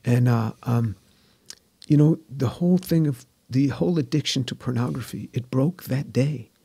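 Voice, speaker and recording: A scientist in his sixties, a guest, gives earnest personal testimony in conversation, often repeating phrases and going soft and hushed when moved. His gravelly, husky voice is a little higher than most men's, at normal speed. It is recorded close and dry with no echo.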